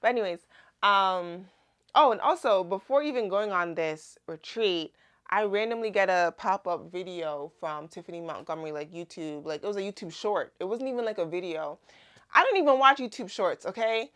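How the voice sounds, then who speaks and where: Speaking at a moderate pace in a medium pitch, a young woman who vlogs about her Christian faith recounts her testimony. The storytelling is casual, chatty and animated, with "like" cropping up constantly.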